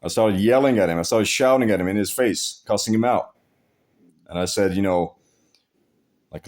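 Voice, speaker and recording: A man's voice: fairly low pitch, normal speed, long pauses, darkish tone. A man vlogging to camera, telling a story bluntly with lots of swearing, restarting and repeating his phrases. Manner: blunt, profane, repetitive storytelling. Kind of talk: casual vlog monologue.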